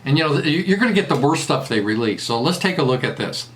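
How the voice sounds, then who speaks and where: A man's voice: on the high side, expressive, fast, fairly bright tone. A man with a Southern US accent doing a casual commentary monologue, mocking and crude, laughing at his own jokes. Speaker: political commentator.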